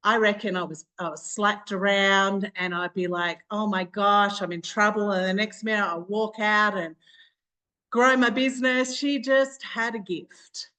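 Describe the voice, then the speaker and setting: A woman's voice: medium pitch, steady tone, unhurried, bright, forceful tone. A woman hosting a group video call, talking in an effusive, gushing, rambling way. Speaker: call host.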